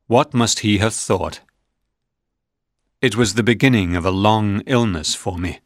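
A man reading a storybook aloud in a measured, plain narrating manner. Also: fairly low pitch, fairly bright tone, dry recording, clean studio sound.

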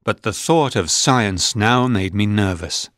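Male storybook narrator, measured and plain, low pitch, dry close audio. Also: a bit bright, dry recording.

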